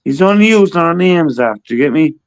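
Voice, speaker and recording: A man's voice: fairly high pitch, lively intonation, fast, no room sound, poor audio. A man, chatting in a rambling, repetitive way and swearing freely on a live stream call. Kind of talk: rambling casual chat.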